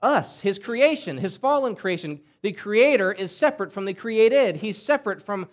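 A man's voice: high-pitched, animated, normal speed. A man preaching a sermon in an emphatic way, often repeating words and acting out quoted voices. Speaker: pastor.

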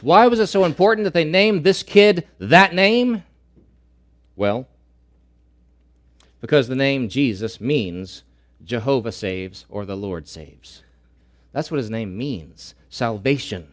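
A male pastor preaching a sermon, repeating key phrases and swinging between loud emphatic lines and slow, hushed ones. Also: mid-range voice, expressive.

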